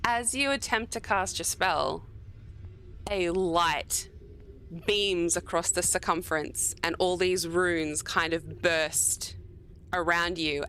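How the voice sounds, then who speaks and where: Lady dm describing a dungeon, bright tone, lots of ums, slight noise. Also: on the low side. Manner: descriptive, unhurried, with filler pauses. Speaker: game master. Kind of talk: narrating a tabletop game.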